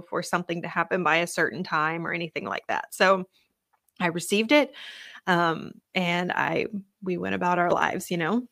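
A woman's voice: mid-range voice, fairly bright tone, no room sound, clean studio sound. A young woman hosting a podcast, sharing a personal faith testimony in an earnest, conversational way. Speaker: podcast host.

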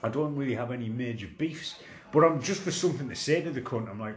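A man tells a meandering story in a relaxed podcast chat, full of swearing and self-mockery. His voice sits at a middling pitch, and the room around him sounds noticeably echoey. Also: fast talker.

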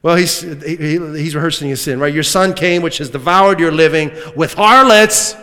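A man preaching a sermon as a pastor, swinging from loud emphatic lines to hushed asides, with humorous remarks. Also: on the high side, moderate pace. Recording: long reverb of a large hall.

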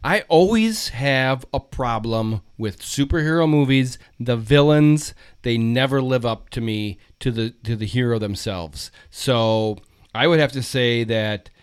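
A man's voice: mid-range voice, unhurried, smooth. A man in a casual film chat who muses and hesitates as he works out his opinions. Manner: musing, hesitant, circles around his opinions.

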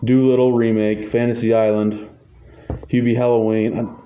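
A man hosting a casual podcast reads a list of award nominees aloud, adding wry asides and chuckling. His voice is medium-pitched and flat at a moderate pace, and the recording has an echoey room, dull lo-fi quality and faint noise.

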